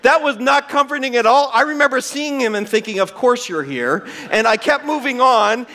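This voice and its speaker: A man's voice: extremely high pitch, fairly even intonation, a little fast, pushed and bright. A middle-aged man preaching a sermon in church, telling a personal story in an earnest way and closing in prayer. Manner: earnest, storytelling, addresses listeners as friends. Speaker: pastor.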